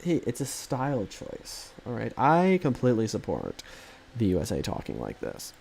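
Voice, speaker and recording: A man's voice: lowish voice, huge pitch swings, moderate pace, gravelly, dark tone, husky. A man streaming a strategy game live, commentating casually in a rambling, jokey way that keeps correcting itself.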